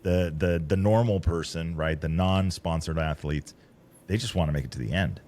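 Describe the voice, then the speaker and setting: Low-voiced man hosting casual talk. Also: normal speed, darkish tone. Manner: loose, thinking aloud. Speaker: podcast host. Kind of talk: casual conversation.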